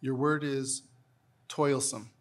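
A man acting as a spelling bee pronouncer, reading out words and their definitions with careful, measured enunciation. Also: medium pitch, steady tone.

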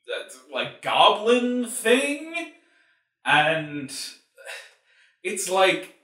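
A man's voice: a little high, bright, forceful tone. A man hosting a movie review show, ranting in a casual, profane, exasperated way with lots of filler words. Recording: roomy echo.

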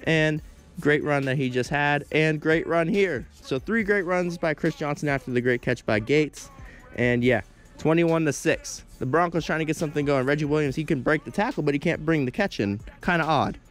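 Give me a teenage boy doing play-by-play commentary on his video game, slightly high voice, tripping over words, with faint game music behind. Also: moderate pace. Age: teens. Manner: stumbles over words, self-deprecating asides. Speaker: gameplay commentator.

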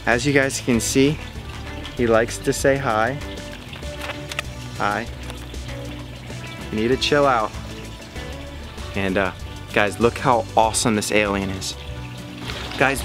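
A young man vlogging outdoors by a pond, excited and hyped, talking to his pet fish and his viewers. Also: mid-range voice, slow, long pauses, over music. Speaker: fishing vlogger. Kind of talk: casual outdoor vlog talk.

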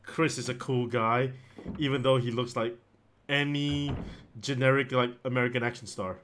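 A man from the United Kingdom streaming a horror game, joking and chatting casually with bursts of loud surprise. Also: mid-range voice, steady tone, moderate pace, a little hiss or hum. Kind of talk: casual chat over gameplay.

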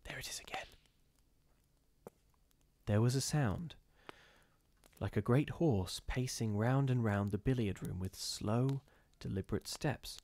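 A man reading a gothic ghost story aloud in a measured, steady storytelling manner with occasional brief restarts. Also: medium pitch. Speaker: reader of ghost stories.

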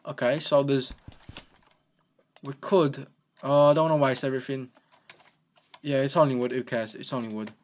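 A man's voice: mid-range voice, fairly even intonation, moderate pace, long pauses. Rambling, playful young guy gaming. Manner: rambling, playful, talks to himself. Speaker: let's play gamer. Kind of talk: casual gameplay commentary.

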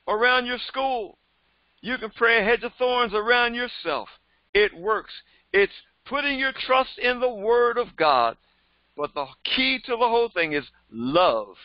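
A man's voice: high-pitched, no room sound, muffled recording. A man preaching as a pastor, emphatic and repetitive in his delivery. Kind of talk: sermon.

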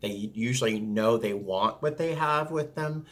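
A man who works as a flight attendant, chatting casually and acting out passengers with sudden jumps in pitch. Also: measured pace. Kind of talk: casual talk to camera.

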